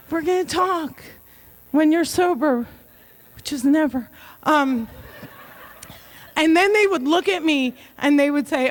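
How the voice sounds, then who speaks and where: Woman keynote comic, high-pitched, self-mocking, fast punchlines. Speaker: keynote speaker. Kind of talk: comedic keynote speech.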